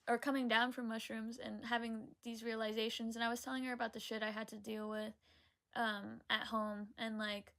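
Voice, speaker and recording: Young woman, book vlogger, fairly high voice; loose rambling delivery full of "like," casual swearing, frequent laughs. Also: a bit bright. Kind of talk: casual chatty book haul vlog. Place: room at home with bookshelves.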